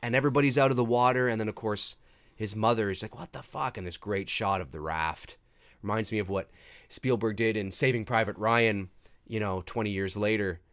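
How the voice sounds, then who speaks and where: A man hosting a live movie commentary, talking casually and excitedly and swearing freely as he reacts to the film and reads out viewer chat. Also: fairly low pitch, fairly quick, clear, resonant tone.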